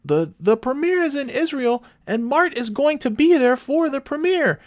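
A man putting on the voice of a pushy, clueless middle-aged woman fan, shrill and insistent. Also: expressive, normal speed.

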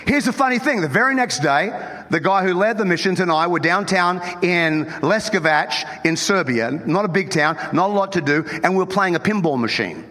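A man with an Australian accent, the lead pastor, preaching an animated, joking sermon. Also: sits high, moderate pace. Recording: long hall reverb.

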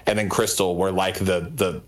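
Man, thirties, low voice, casual podcast guest, rambling storyteller. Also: flat delivery, moderate pace. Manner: laid-back storyteller with many fillers. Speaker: guest rapper.

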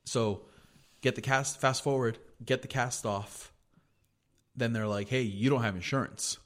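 A young American podcaster unhurriedly tells a casual story in a steady, mid-range voice. He's laid-back and profane, with lots of "like" throughout.

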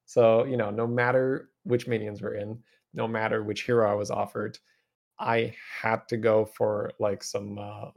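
A man co-hosting a casual podcast, relaxed and easygoing, laughing often and trailing off at the ends of his thoughts. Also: fairly low pitch, creaky. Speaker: podcast co-host.

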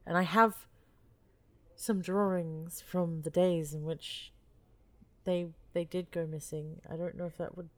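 A woman's voice: fairly low pitch, fairly even intonation, measured pace. A woman playing in a tabletop game, speaking in a thoughtful, casual way. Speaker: player.

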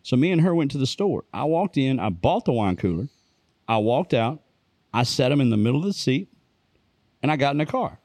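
A man telling a story in casual conversation, plain-spoken and relaxed. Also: medium pitch, a little fast, no room sound. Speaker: co-host.

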